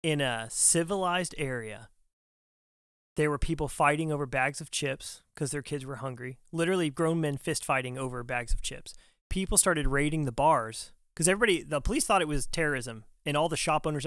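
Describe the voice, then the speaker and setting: A young man with a fairly high voice spins a story as a podcast guest. He slips into other people's voices for quick quoted lines. The sound is dry and close, with no room around it. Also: a bit bright, no room sound. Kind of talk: animated storytelling in casual conversation.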